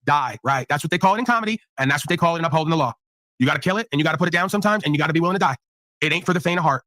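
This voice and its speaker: A man's voice: a little high, pushed and bright, dry recording. A man hosting a livestream panel, preaching profane motivational talk to his guests. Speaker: panel host.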